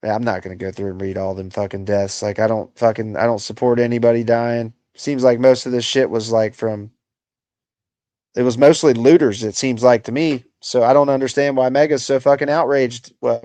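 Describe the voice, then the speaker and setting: Guy ranting on his live stream, swears a ton, keeps saying bro and dude, dry close sound, normal pitch. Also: fairly even intonation, brisk, dark tone, no echo. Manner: profane and exasperated, lots of bro and dude. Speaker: political livestream host.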